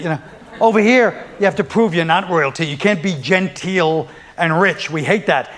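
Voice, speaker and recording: High-voiced profane stand-up comedian. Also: male voice, brisk, fairly bright tone. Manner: rambling, profane, sardonic riffing with acted-out quotes.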